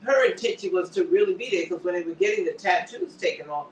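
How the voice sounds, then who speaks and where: A show host with a notably high voice gives a fast, animated, casual recap of a TV episode, acting out bits of dialogue as he retells the scenes. He's recorded from a distance in an echoey room, some way back from the mic.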